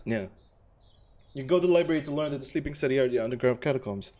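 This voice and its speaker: A man's voice: medium pitch, very fast, dark tone. A man casually talking through a game as a streamer, thinking aloud. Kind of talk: casual gameplay commentary.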